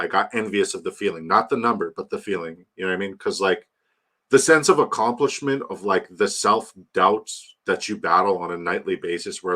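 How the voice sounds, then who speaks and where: A young man hosts a live fantasy football draft stream, chatting loosely with his viewers. He rambles, jokes and shouts out fans by name. His voice sits a bit low but sounds bright and forward. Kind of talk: casual live-stream chat.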